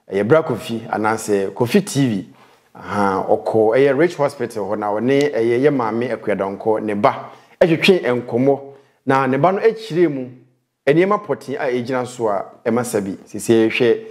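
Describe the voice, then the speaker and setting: Ghanaian male presenter, sombre, low-pitched voice. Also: darkish tone. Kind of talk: news report narration.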